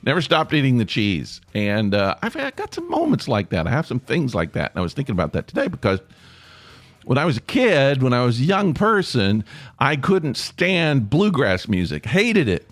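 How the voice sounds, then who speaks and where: A man's voice: mid-range voice, wildly swooping pitch, moderate pace, no echo. A man from East Tennessee with an East Tennessee accent, hosting a solo podcast in a rambling, self-deprecating way and asking listeners for feedback. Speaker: podcast host.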